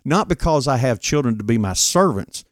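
A man's voice: mid-range voice, expressive, normal speed, no echo, clean studio sound. A middle-aged man co-hosting a parenting podcast, talking in a firm, earnest, lecturing way. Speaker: podcast co-host. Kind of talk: casual parenting talk.

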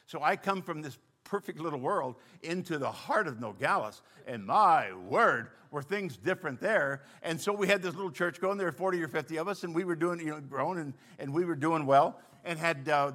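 An older man preaching a sermon as pastor, telling a story with animated bursts of emphasis. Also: a little high.

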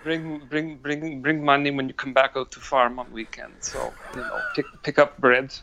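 A man's voice: medium pitch, level tone, gravelly, pushed and bright, a little hiss or hum, poor audio. Man doing a blunt Russian-accented coworker. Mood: mock angry. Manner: clipped broken phrasing, slow.

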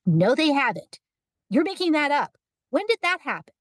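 A woman voicing an upset young girl who is earnest and close to tears, her voice pitched high and pleading. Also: very animated, normal speed, dry recording.

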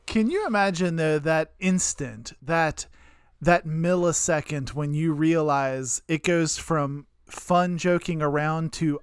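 A man's voice: fairly high pitch, slow pace, smooth, no echo, clean studio sound. A man co-hosting a podcast, making wry, wordy quips in casual chat. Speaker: podcast co-host.

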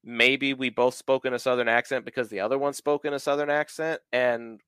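A man's voice: medium pitch, fairly even intonation, a little fast, fairly bright tone, clear, resonant tone, dry recording. Chatty Southern-born man, podcast host. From American South. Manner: talkative, explains at length with filler words. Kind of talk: casual podcast chat.

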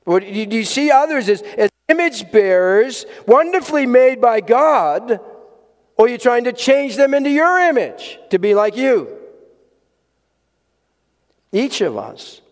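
A man's voice: very high-pitched, sing-song, a little slow. A man preaching a sermon to a congregation in a church, earnest and emphatic, repeating key words for weight. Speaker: pastor. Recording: long hall reverb.

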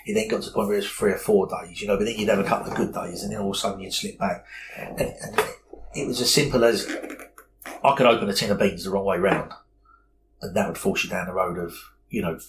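Earnest low-voiced man. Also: fairly even intonation, a little fast, a little hiss or hum, rough recording. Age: 40s. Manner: plain-spoken, earnest, repeats words. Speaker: guest. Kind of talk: candid personal interview.

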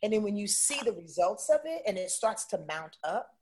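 A woman with a husky, breathy voice talks as a guest in a casual interview. She is animated and emphatic and keeps tagging her points with "right?". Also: mid-range voice, fairly quick. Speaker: guest, intuitive astrologer.

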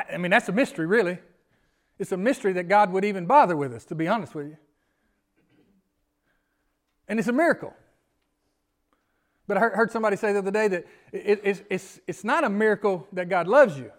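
A man preaching a sermon in a church, folksy in manner and often asking his congregation questions. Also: sits high. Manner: folksy, asks the congregation questions, pleading rises. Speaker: pastor. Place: church sanctuary.

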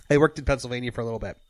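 A man's voice: mid-range voice, no room sound. A man co-hosting a casual podcast chat, rambling with many fillers and restarts. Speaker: podcast co-host.

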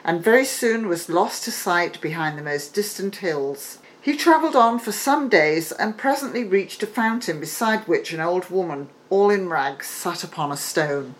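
A woman on the library staff reading a fairy tale aloud in an expressive storytelling manner. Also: fairly low pitch, normal speed, hardly any pauses.

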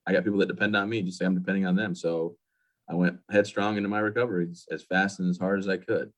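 Fast-talking husky low-voiced man. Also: level tone. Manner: candid, plain-spoken, quick storytelling. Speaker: interview guest, veteran. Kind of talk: personal story in interview.

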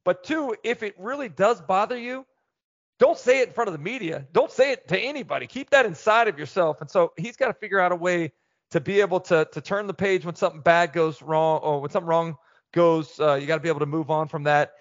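A middle-aged man, a former football player, talks candidly as a podcast guest and tells animated stories. His voice sits on the high side. The recording is dry and dull. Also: brisk, dry recording. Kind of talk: casual interview chat.

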